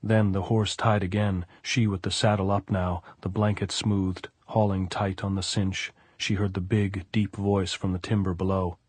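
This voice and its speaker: A man narrating a novel as an audiobook in an even, measured way. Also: low voice, husky, no echo. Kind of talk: scripted narration.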